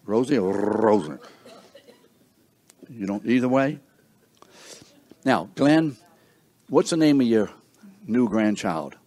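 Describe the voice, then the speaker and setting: A man's voice: medium pitch, animated, takes it slowly, long pauses, warm tone, no echo. An older man hosting a seniors breakfast, introducing guests one by one with playful teasing and stumbling over names. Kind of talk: introducing people in a room, joking.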